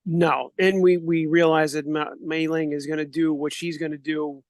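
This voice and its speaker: A man's voice: a little high, level tone, normal speed, no room sound. A man co-hosting a podcast, musing about a TV show in a reflective, hedging way. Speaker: podcast co-host. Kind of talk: casual discussion.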